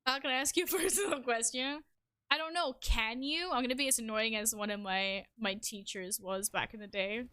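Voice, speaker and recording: Bright-voiced excitable woman streamer. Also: fairly high pitch, fairly quick, clean tone, no echo, studio quality. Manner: excitable, swears, self-deprecating outbursts. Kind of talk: live gameplay commentary.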